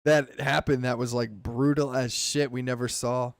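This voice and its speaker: A man's voice: medium pitch, flat delivery, moderate pace, no echo. A man co-hosting a casual podcast, who laughs a lot, swears freely and breaks into joke voices. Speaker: podcast co-host. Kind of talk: casual chat.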